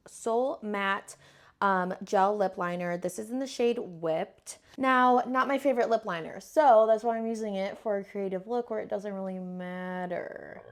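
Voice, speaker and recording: Young woman vlogger, casual makeup chat, playful slang and fillers, self-deprecating. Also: medium pitch. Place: home.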